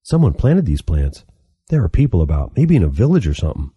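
A man's voice: low-pitched, very animated, a little fast, warm tone, husky, no echo, heavily acted. A man voicing a tired, anxious young apprentice in an audiobook, pleading and strained. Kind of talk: audiobook character reading.

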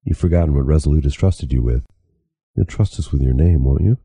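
A man's voice: rumbling low, a little fast, dark tone, slightly rough, no room sound, heavily acted. An author reading aloud, voicing a friendly, easygoing male traveler who talks lightly.

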